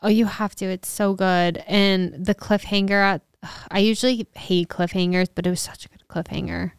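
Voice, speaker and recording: A woman's voice: mid-range voice, fairly even intonation, clean tone, no echo, studio quality. A young woman co-hosting a podcast, chatting in an easygoing, conversational way. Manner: easygoing, conversational, quick agreeing replies. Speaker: podcast co-host. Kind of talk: casual chat.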